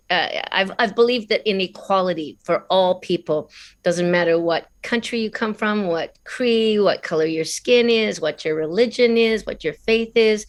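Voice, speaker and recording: A middle-aged woman with an Australian accent, telling stories in a casual interview as a voice actress guest, chatty and quick to laugh. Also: medium pitch. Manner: warm, chatty, laughs often.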